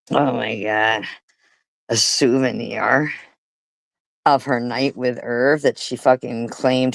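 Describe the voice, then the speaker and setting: A woman's voice: a bass voice, vocal fry, dry recording, rough recording. A woman hosting a livestream, talking in a profane, mocking and disgusted way. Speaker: livestream host. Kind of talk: casual livestream commentary.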